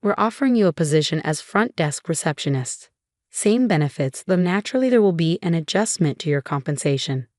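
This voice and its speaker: A woman voicing a human resources manager in a narrated story who speaks with bright, practiced politeness. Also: lowish voice, animated, fairly quick, no echo, studio quality, lightly acted. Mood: falsely sweet. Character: falsely cheerful HR woman.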